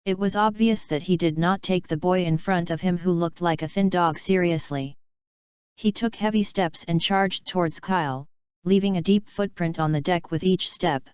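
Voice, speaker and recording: A woman narrating an action story in a steady, even storytelling manner. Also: lowish voice, smooth, dry recording. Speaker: audiobook narrator. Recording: dry, slightly dull lo-fi sound.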